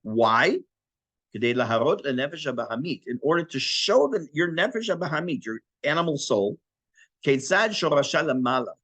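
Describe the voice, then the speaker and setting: A man, a rabbi, giving a Torah class, explaining Hebrew terms in English with animated, self-correcting delivery. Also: a little high, slightly rough, no echo.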